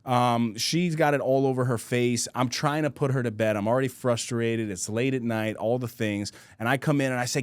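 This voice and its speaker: A man's voice: medium pitch, moderate pace, no room sound. A man in his thirties hosting a podcast, telling stories in casual, slangy chat and laughing easily. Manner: loose slangy talk, says bro a lot, laughs easily. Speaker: podcast host.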